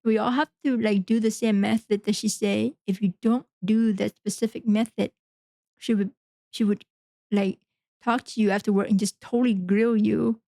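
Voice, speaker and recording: A woman's voice: mid-range voice, steady tone, normal speed, vocal fry, warm tone, no room sound. A woman hosting a podcast, talking frankly in a rambling, casual monologue full of fillers. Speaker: podcast host.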